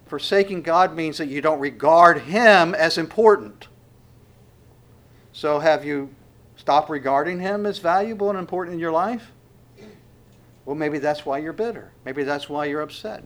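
A man preaching an expository sermon, reading scripture verses and pressing them home emphatically, rising loud on the quotes. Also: on the high side, animated, a little slow, pauses often.

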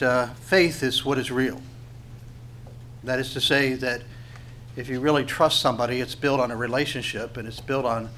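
A man's voice: mid-range voice, fairly bright tone, slight background noise. A man giving a conversational sermon, asking the listeners questions along the way. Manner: conversational, with rhetorical questions and tag questions. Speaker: preacher.

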